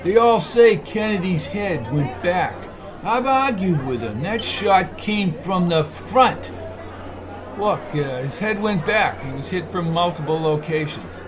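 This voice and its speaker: A man's voice: a little high, moderate pace, hardly any pauses, music in the background, a crowd in the background, close to an everyday voice. A man voicing a terse male investigator who speaks in short, clipped lines.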